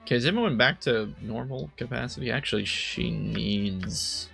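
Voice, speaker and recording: A man's voice: medium pitch, normal speed, vocal fry, fairly bright tone, faint music behind. A man casually commenting while playing a game, rambling and correcting himself as he thinks aloud. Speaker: let's play host.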